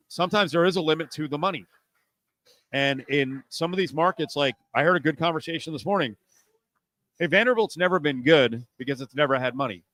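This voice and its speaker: A man hosting a sports talk radio show, animated and sarcastic, often mocking people in put-on voices. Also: medium pitch, no echo, poor audio. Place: radio studio. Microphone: studio mic.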